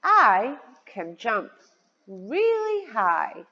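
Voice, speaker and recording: A woman teaching a children's vocabulary lesson, spelling words out letter by letter in a slow, sing-song way. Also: on the high side, wildly swooping pitch, bright, forceful tone. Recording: dull lo-fi sound with long reverb.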